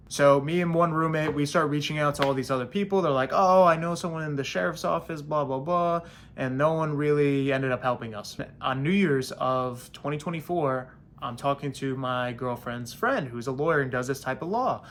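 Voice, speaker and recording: A man's voice: on the high side, brisk, slight background noise. A young man telling a story in casual vlog style, acting out the other people's lines and getting blunt about his landlord. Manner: animated storyteller, acts out quoted voices, blunt and petty.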